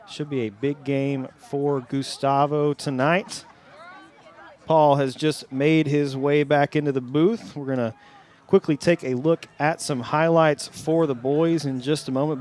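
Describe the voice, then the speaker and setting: A young man hosting a live soccer broadcast from a stadium press box, with a steady, friendly announcer delivery. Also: a little high, measured pace. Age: young adult. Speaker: play-by-play host. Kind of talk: sports broadcast commentary.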